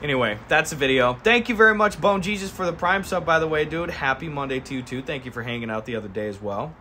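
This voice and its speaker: Young man, casual streamer chat, animated, faint background hiss. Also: a little high. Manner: animated, acts out both sides of the scene in quick voices. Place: garage.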